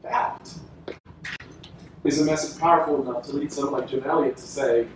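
A man preaching a sermon with emphatic, drawn-out phrases and dramatic pauses, acting out quoted lines. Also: mid-range voice, fairly even intonation. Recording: echoey room from a distance with faint noise.

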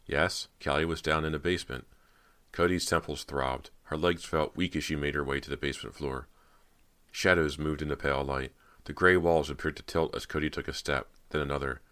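A man narrating a horror audiobook in an even, measured way. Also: extremely low pitch.

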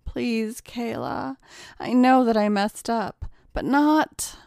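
A woman performs a full character voice as a frightened young husband, pleading in a raised, strained voice pitched above her own. The result is very high, slow, and creaky yet a little mellow, with a clear, resonant tone. It's a dry, studio-quality recording.

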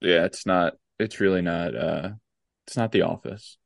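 A man's voice: low voice, unhurried, creaky, no echo, clean studio sound. A young man co-hosting a podcast, laid-back and rambling with lots of fillers in casual chat. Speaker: podcast co-host.

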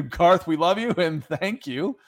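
A man's voice: on the high side, lively intonation, takes it slowly. Chatty man hosting a sports podcast. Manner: chatty, reads viewer comments aloud. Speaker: podcast host. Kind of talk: casual sports talk.

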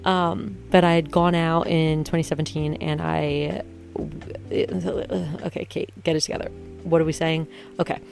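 A woman's voice: low-pitched, fairly even intonation, vocal fry, darkish tone, faint music behind. A young woman from the US East Coast talking casually to camera, rambling, interrupting herself and laughing at her own jokes. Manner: rambling, self-interrupting, jokey, quick laughs. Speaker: vlogger. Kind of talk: casual chatty vlog.

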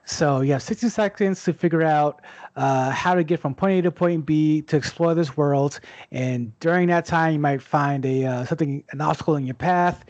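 A man's voice: fairly high pitch, darkish tone, no room sound. Man explaining a game, dull lo-fi mic. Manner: explains game mechanics plainly. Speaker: podcast co-host. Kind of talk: casual game review chat.

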